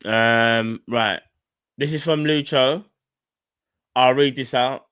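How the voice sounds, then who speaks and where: A man's voice: medium pitch, takes it slowly, a bit bright, clean tone, no room sound, studio quality. A man hosting a live fan stream, talking casually and in slang straight to his chat. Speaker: fan channel host.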